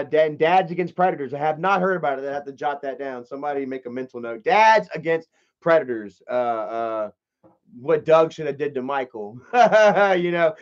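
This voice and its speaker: Young male streamer with a high voice, casual and rambling, swears freely; dull lo-fi audio. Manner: rambling storyteller, swears freely, shouts when acting out a scene. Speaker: live stream host. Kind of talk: casual live stream chat, reading comments.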